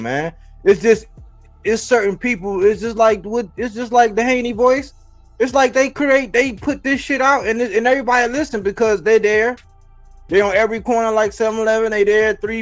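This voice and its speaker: An emphatic man with a notably high voice, cohosting a boxing live stream. He curses and repeats himself to press his point. The sound is close and dry, with faint music underneath. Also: no room sound. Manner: emphatic, profane, repetitive. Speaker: boxing commentary co-host. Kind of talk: casual live-stream talk.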